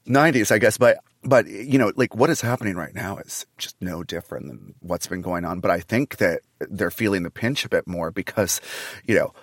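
A man, a comedian guest on a podcast, telling stories in casual, animated, digressive conversation. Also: sits low, fairly quick, no room sound, clean studio sound.

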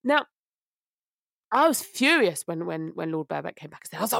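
A woman's voice: medium pitch, big pitch swings, a little fast, vocal fry, pauses often, a bit bright, dry recording, clean studio sound. A young woman, ranting animatedly as a podcast co-host, unwell. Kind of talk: casual chat.

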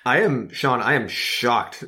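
A man's voice: mid-range voice, animated, slow, pushed and bright. A man co-hosting a podcast, chatting casually in a blunt, profane, joking way. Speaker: podcast co-host. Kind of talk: casual chat.

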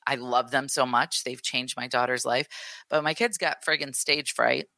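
A woman's voice: a bass voice, moderate pace, creaky, dry recording. A woman in her thirties co-hosting a podcast, telling a story in casual chat and acting out what people said. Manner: animated storytelling, acts out quotes. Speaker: podcast co-host.

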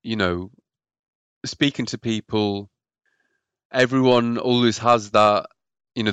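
A man's voice: lowish voice, a bit bright, smooth, no room sound, muffled recording. A man telling his own story as a podcast guest, hesitant and often repeating words. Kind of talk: personal story in a podcast interview.

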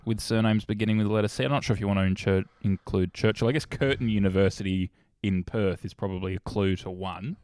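A man's voice: lowish voice, steady tone, fast talker, a little mellow, clear, resonant tone, no room sound, clean studio sound. A man hosting a comedy quiz in a chatty, easily amused way. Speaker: quiz host. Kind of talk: casual comedy quiz chat.

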